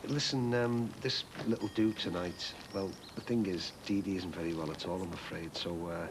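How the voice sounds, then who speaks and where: Hesitant man with excuses, very deep voice. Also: fairly even intonation, moderate pace, noisy background. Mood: awkward. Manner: hesitant, awkward. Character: awkward man making excuses by phone.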